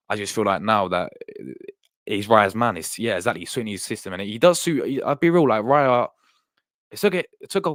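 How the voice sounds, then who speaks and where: A young man hosts a casual live stream in a slightly low voice. He rambles, restarts and repeats himself while he answers his chat. The sound is dry and close. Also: a bit bright, no room sound.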